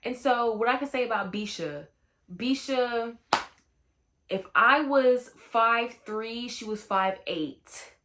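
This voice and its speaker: A woman's voice: a little high, takes it slowly, background noise. A young woman telling a personal story in a casual, slangy storytime chat, full of "you know what I'm saying.". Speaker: storytime host.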